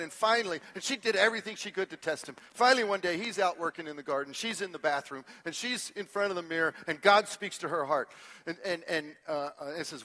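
Bright-voiced high-pitched male preacher. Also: fairly quick. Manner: storytelling, acts out voices, drops to a hushed tone for emphasis. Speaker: pastor. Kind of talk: sermon.

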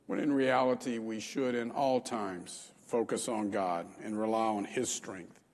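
A man's voice: fairly low pitch, steady tone, a little slow, big-room sound. A man preaching a sermon as pastor, talking in a conversational way with frequent fillers.

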